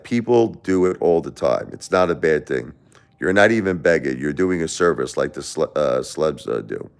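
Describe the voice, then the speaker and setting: A man's voice: rumbling low, gravelly. A man hosting a live stream, ranting in a casual, indignant way and often restarting his sentences. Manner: animated, indignant, rambling with restarts. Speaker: livestream host.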